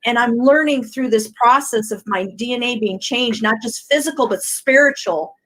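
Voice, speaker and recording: A woman co-hosts a Christian talk show, chatting animatedly and acting out the voices in her stories. Her voice is on the high side at a normal speed, and the audio quality is poor.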